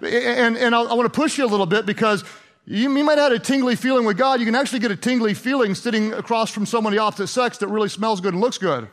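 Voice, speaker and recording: Speaking quickly in a voice that's high for a man, a pastor preaches as if chatting with his congregation. He fires questions at the crowd and slips into playful sarcasm.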